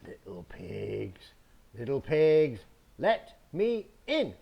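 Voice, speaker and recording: A man voicing a big bad hungry wolf while reading a picture book aloud to children, with drawn-out, menacing lines. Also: mid-range voice, very animated, vocal fry, lo-fi sound, heavily acted.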